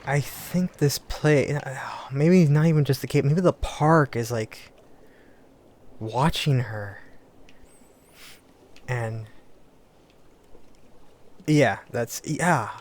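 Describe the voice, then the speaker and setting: A man comments on a game as he plays, thinking out loud in halting bursts. His voice sits at a middle pitch, with a faint hiss behind it. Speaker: gamer. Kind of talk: let's play commentary.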